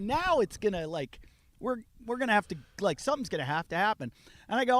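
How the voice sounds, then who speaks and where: This podcast guest speaks quickly in a high voice. He's a man telling a casual story, bringing it to life by acting out each person involved.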